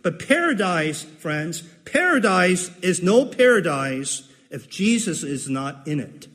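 A man's voice: high voice, big pitch swings, slow pace, a bit bright, long reverb tail. A man preaching a sermon in an earnest way, repeating key phrases for emphasis. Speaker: pastor.

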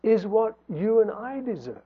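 A man's voice: sits high, sing-song, a little slow, breathy edge. A man preaching a sermon in an earnest tone, his voice rising and falling for emphasis. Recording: tinny phone-like sound.

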